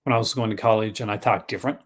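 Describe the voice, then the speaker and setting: A man's voice: on the low side, steady tone, racing, slightly rough. A man from Newfoundland with a mixed Canadian and Newfoundland accent, hosting a casual livestream chat and telling stories with lots of laughter. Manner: chatty, laughs often, retells stories with voices. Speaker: host.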